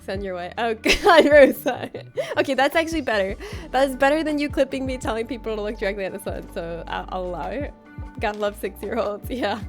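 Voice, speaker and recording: A woman's voice: on the high side, a little fast, faint music behind. A woman livestreaming a game, chatting casually with viewers, rambling and giggling often.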